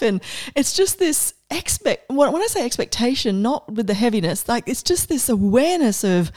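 A middle-aged woman coach giving a casual, enthusiastic inspirational talk, animated and laughing often. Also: fairly high pitch, normal speed, no room sound, clean studio sound.

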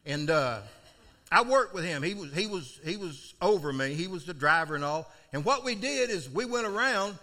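An older preacher with a high, bright, ringing voice. His pitch swings widely as he spins a folksy story from the pulpit, breaking into sudden loud cries. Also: expressive, normal speed. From South Florida. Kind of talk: storytelling sermon.

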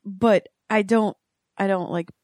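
A woman's voice: mid-range voice, fairly even intonation, slow, darkish tone, no echo, clean studio sound. A woman co-hosting a podcast, chatting casually, laughing and correcting herself as she goes. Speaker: podcast co-host. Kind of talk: casual chat.

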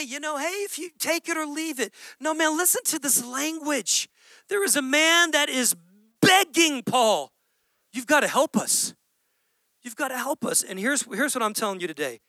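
A man's voice: very high-pitched, bright, forceful tone, dry recording. A man preaching a sermon, impassioned and pleading, in a dry close recording. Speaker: pastor.

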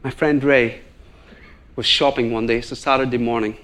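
As a guest preacher, a Northern Irish man delivers a sermon at a moderate pace in a medium-pitched voice. He tells a story with animation, voicing and acting out each person he quotes.

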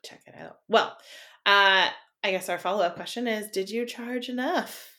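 A woman in her thirties, a wedding planner chatting casually as a co-host, quick to laugh and jump in. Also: medium pitch, sharp tone. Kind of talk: casual chat.

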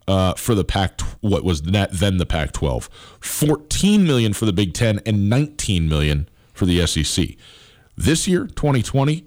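A middle-aged man hosts a sports show in a low voice. He rambles with plenty of fillers and restarts, and his nose is stuffed up from allergies. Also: darkish tone. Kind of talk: casual sports talk.

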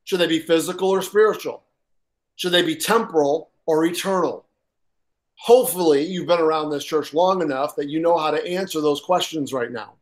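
Key lines get repeated and points get weight from dramatic pauses as this male pastor preaches. His voice is a little high, and his delivery is halting, full of "uh" fillers.

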